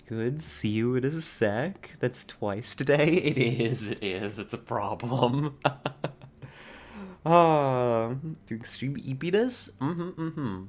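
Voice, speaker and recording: Slow, rambling playful male streamer. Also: medium pitch, faint music behind. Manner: rambling, playful, laughs often. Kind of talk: casual stream sign-off chat.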